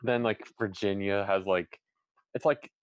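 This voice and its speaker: A man's voice: on the low side, steady tone, unhurried, dry recording, dull audio. A man from Philadelphia with a mild Philadelphia accent, chatting casually as a podcast co-host and rambling with lots of "like". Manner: rambling, heavy use of "like". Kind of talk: casual chat.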